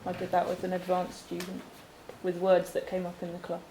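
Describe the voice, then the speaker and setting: A woman's voice: on the low side, monotone, a little fast. A woman at a teacher workshop, adding a plain remark from the audience. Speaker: workshop participant. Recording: echoey room, background noise.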